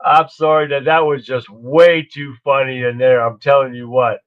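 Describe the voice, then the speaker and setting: A man's voice: mid-range voice, level tone, moderate pace. A man hosting a casual political live stream, folksy and chatty, greeting viewers by name. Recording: dull lo-fi stream audio.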